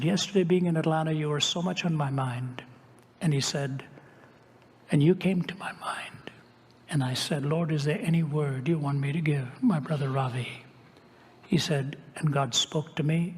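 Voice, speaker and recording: A male preacher telling a personal story in a sermon, acting out the quoted speech with wry asides. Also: fairly high pitch. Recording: long hall reverb.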